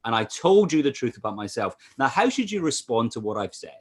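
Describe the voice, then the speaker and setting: A Scottish man preaching as a pastor over a video call, animated, with frequent "uh" fillers. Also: mid-range voice, fairly quick, husky. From Scotland. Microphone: computer mic on a video call.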